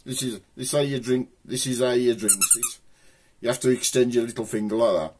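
A man's voice: medium pitch, fairly even intonation, fairly quick, a little mellow, slight background noise. A middle-aged man with a broad Black Country accent, hosting a rambling, chatty comic show. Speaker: host. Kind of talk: casual comic monologue to camera.

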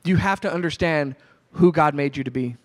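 A man's voice: on the high side, fairly quick. A male pastor giving a sermon in a conversational, storytelling way. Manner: conversational storytelling, animated retelling.

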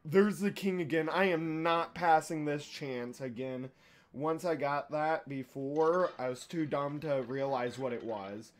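A young man giving casual let's-play commentary, profane and excitable, trash-talking the boss and yelling when he wins or loses. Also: on the high side, measured pace. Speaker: gaming YouTuber.

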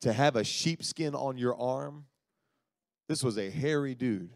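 Folksy preacher retelling a story. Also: male voice, medium pitch, a little slow, vocal fry, dry recording, clean studio sound. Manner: animated, folksy, acts out voices. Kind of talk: sermon storytelling.

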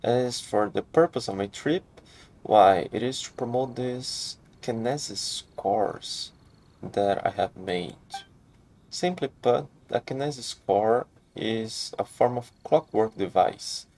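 Reading game lines aloud, a man voices a theatrical, eccentric inventor with grandiose, long-winded speech and a grandiloquent air. He speaks slowly, with a fairly low pitch and a darkish tone.

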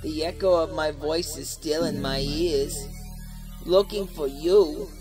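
A fear-crazed husband. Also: male voice, on the high side, fairly even intonation, slow, over music. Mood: haunted. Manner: frantic, breathless, then hollow and defeated. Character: husband driven mad with fear, adult man. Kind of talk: radio drama acting.

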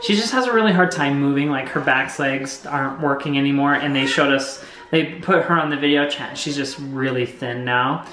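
A young man chatting in a family home vlog, talking softly and haltingly as he gets emotional. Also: a little high. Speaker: family vlogger. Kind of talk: casual family vlog chat. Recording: roomy home room with some noise.

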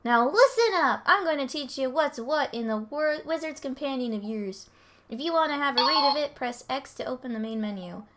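A woman's voice: high-pitched, lively intonation, normal speed, heavy background noise. A woman reading aloud the lines of a bossy little male fairy from a game, in a put-on, uncertain accent. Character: small cheeky male fairy, bossy guide.

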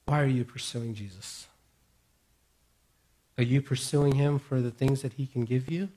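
Husky-voiced man preaching with passion. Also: medium pitch, fairly even intonation, measured pace. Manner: impassioned preaching, swinging from raised declarations to hushed near-whispers. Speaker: pastor. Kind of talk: sermon.

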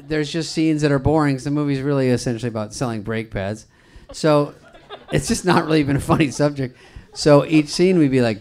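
A man's voice: on the high side, fairly quick, hardly any pauses, darkish tone. A man telling a casual, wry anecdote as a panel guest at a conference. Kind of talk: casual storytelling on stage. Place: conference stage.

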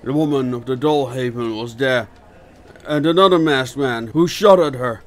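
A man voicing a wounded police inspector in an audiobook, hoarse and stammering as he gets his words out. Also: medium pitch, close to an everyday voice. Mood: urgent. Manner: halting, stammering speech. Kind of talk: audiobook character voice.

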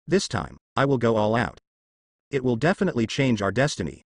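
A man reading the lines of a calm, resolute young male ninja teacher in an audio story, in an earnest, steady voice. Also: mid-range voice, brisk, no echo, clean studio sound. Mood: determined.

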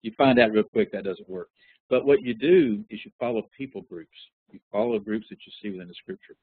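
Male Bible teacher, low and husky, conversational, tinny phone audio. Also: fairly quick, no echo. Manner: relaxed, conversational teaching with frequent fillers. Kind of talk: interactive Bible lesson.

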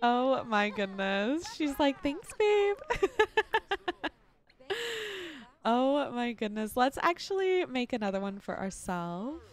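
Excitable high-pitched young woman. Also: measured pace, few pauses. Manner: excitable, gushing, laughs a lot. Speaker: let's play host. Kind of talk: gameplay commentary.

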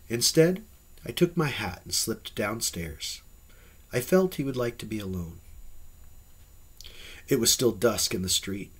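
A man narrating an audiobook in a husky voice. His reading is animated, rising and falling widely in tone, with plenty of expression in the storytelling. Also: mid-range voice. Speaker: audiobook reader.

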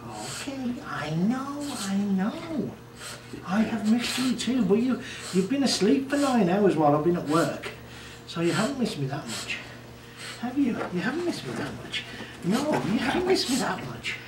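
A man coos at his dog in high, swooping baby talk, his voice leaping all over the place and drawn out slowly. He sounds distant from the mic in an echoey space. Loud noise runs underneath. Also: very animated. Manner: high coaxing sing-song pet talk. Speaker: dog owner home from work. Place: at home with a dog, snow nearby.

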